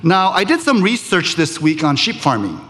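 Pastor, male, slightly high voice, animated preaching in a reverberant hall. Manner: measured preaching with emphatic pauses. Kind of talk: sermon.

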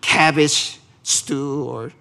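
A male pastor delivers a sermon in a measured, unhurried way, his voice sitting a little high for a man. He speaks earnestly and asks his listeners questions. He builds to emphatic peaks and then drops into quiet prayer. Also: fairly even intonation, creaky, long reverb tail. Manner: speaks directly to the congregation with questions.

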